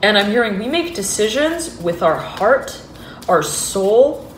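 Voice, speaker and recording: A woman reads tarot cards in a loose, meandering way, full of restarts and fillers. Her voice sits at an everyday middle pitch and often breaks into giddy laughter. The recording carries a noticeable roomy echo, with a faint hum of background noise. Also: sing-song, slow pace. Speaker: tarot reader. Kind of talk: intuitive tarot reading.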